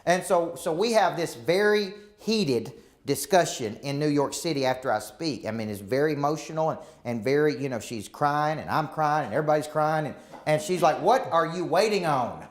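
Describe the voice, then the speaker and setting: A man's voice: a little high, normal speed. A man coaching a group of real estate agents live, acting out quoted dialogue as he talks. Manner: animated, acts out quoted dialogue. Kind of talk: live coaching session talk.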